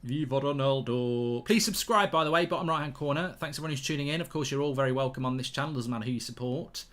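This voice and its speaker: A man hosting a live football watchalong, reading chat messages and reacting excitedly to goals. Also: fairly high pitch, racing. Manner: excitable, bursts out loud when goals go in.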